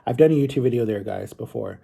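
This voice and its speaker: A man's voice: mid-range voice, quick pace, creaky, mellow, husky. A man vlogger telling a long personal story to his viewers in a rambling, chatty way. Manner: rambling, chatty, often addresses viewers as guys.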